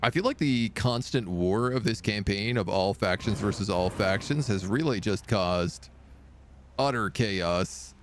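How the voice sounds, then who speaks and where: A man's voice: fairly low pitch, a little slow, a little hiss or hum. A man casually commenting on a strategy game he is streaming live, talking to his units and making playful sound effects.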